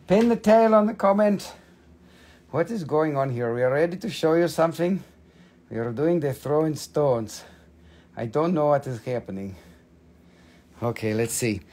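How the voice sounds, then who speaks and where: A man hosting a live-stream mineral sale. He talks in excitable, joking bursts, and his English has non-native phrasing. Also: a little high, normal speed, pauses often. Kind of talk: live-stream sales pitch.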